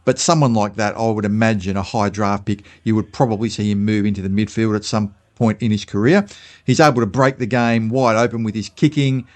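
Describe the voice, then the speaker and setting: A man's voice: fairly low pitch, steady tone, brisk, a little mellow. Chatty Australian man mulling things over. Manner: thinking aloud with fillers and restarts. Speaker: fan channel host. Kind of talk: casual spoken commentary.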